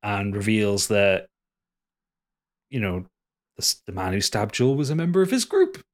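A man's voice: fairly low pitch, big pitch swings, moderate pace. A man co-hosting a casual podcast, rambling through a TV episode recap with frequent restarts and laughs. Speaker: podcast co-host.

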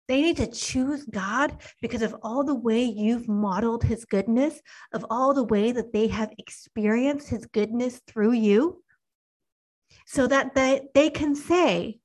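A woman in her thirties giving an earnest devotional talk to mothers, slow and emphatic, sometimes dropping to a hushed near-whisper. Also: fairly high pitch, rough recording. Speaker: Christian speaker to mothers.

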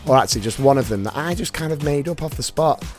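A man hosts a casual podcast, full of jokes and enthusiasm. His pitch swings widely as he talks, with a faint bed of music beneath. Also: quick pace. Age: adult dad. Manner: lively, jokey, enthusiastic. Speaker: podcast host.

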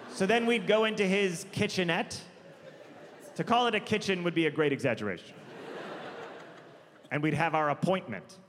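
Animated male stand-up comedian. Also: high voice, moderate pace, pauses often. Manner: animated storytelling with acted voices. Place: large theater stage. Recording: big theater hall with faint crowd noise. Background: audience laughter.

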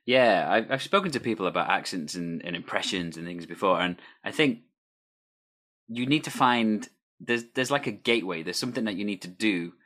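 Male host, very low pitch, bright tone, relaxed and fluent asking questions. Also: normal speed. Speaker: interviewer, host. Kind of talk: casual interview.

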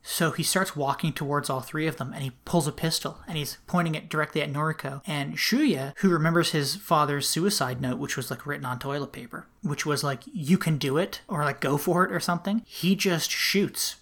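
A man's voice: fairly high pitch, fairly quick, hardly any pauses, fairly bright tone. A man co-hosting a podcast, casually retelling a film plot, chatty with frequent laughs and lots of "like". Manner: chatty storytelling, laughs often, many "like"s. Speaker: podcast co-host. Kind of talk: casual film recap chat.

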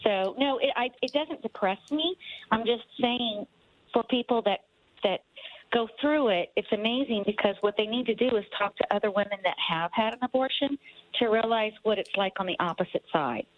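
A woman calling in to a radio show to share a personal story, earnest and halting, often repeating words. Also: fairly high pitch, no room sound. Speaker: caller. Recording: tinny phone line.

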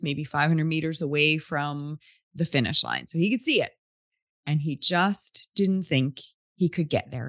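A woman's voice: low voice, no room sound, studio quality. A woman podcast host telling a story in an earnest, heartfelt, casual way.

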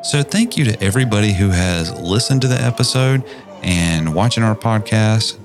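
Podcast co-host, Southern man, low and animated, teasing, faint music bed. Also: normal speed. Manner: playful, teasing. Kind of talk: casual podcast chat.

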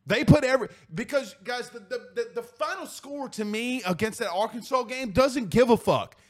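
A man's voice: very high-pitched, normal speed. A man hosting a sports talk radio show, ranting in a profane, fired-up way and hammering his points through repetition.

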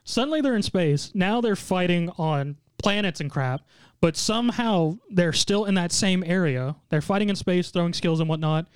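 Host, male, upper-pitched, smooth dry voice, animated storyteller recapping an episode. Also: moderate pace, hardly any pauses, no room sound. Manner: animated storytelling, mock quotes in put-on voices, frequent laughter. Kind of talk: casual recap chat.

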